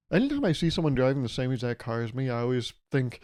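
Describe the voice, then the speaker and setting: Male podcast host, mid-pitched, loose comic rambling, slips into voices for imagined dialogues. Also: lively intonation, fast talker, hardly any pauses, darkish tone. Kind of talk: casual comedic monologue.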